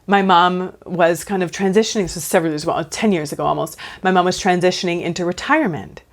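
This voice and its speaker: A woman in her thirties, a counsellor giving casual advice straight to camera, animated and talking directly to her viewers. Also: fairly low pitch, fast.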